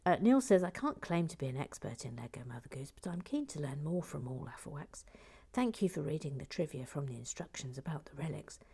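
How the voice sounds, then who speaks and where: A woman hosting a live building stream, chatting casually in a soft, often half-whispered voice as she reads out viewer comments. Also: sits low, expressive, fairly quick, vocal fry, husky.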